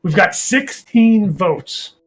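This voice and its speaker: A man's voice: sits high, expressive, takes it slowly, a bit bright, faint music behind. A man co-hosting a casual online chat show, upbeat and teasing as he keeps track of the votes. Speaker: co-host counting votes.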